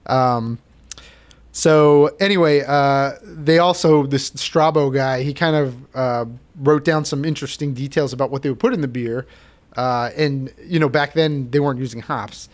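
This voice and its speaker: A man hosting a casual podcast, chatty and quick to laugh, with lots of fillers. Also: mid-range voice. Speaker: podcast host.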